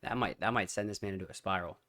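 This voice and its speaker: Low-voiced young man reacting excitedly. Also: fast talker. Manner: excited, slangy, thinks aloud. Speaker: reaction video host. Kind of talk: casual reaction commentary.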